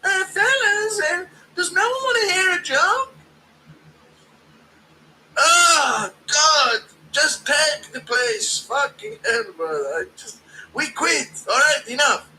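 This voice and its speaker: A man putting on a loud, exasperated man who complains in a drawn-out, shouty way. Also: extremely high pitch, lively intonation, slight background noise, pitched above the performer's own voice, exaggerated voice, low-quality recording.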